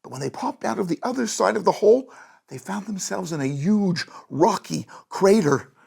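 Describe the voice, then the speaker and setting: Bedtime storyteller, gravelly, breathy, animated read-aloud, lively pitch. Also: moderate pace.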